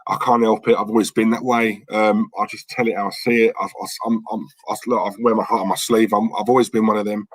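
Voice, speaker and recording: In a lowish, husky voice with a level tone, a livestream host talks fast with hardly any pauses. He chats bluntly and rambles while reading viewer messages aloud. There's no room sound, and the recording is rough.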